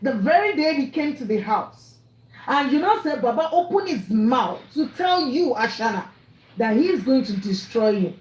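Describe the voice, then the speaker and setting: A woman's voice: high-pitched, sing-song, moderate pace, darkish tone, roomy sound, poor audio. A woman with a Nigerian accent ranting angrily and scolding, mixing English, Pidgin and Yoruba. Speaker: online commentator. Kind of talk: angry rant.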